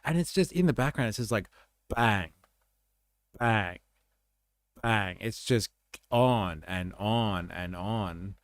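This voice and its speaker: A man's voice: fairly low pitch, a little slow, no echo, clean studio sound. A man hosting a livestream, reacting bluntly to a news clip and swearing freely. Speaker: livestream host. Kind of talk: casual commentary reacting to a clip.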